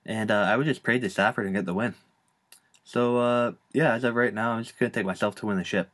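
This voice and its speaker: Relaxed low-voiced young man hosting a podcast. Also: fast. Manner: relaxed, filler-heavy, joking. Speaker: podcast host. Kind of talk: casual podcast chat.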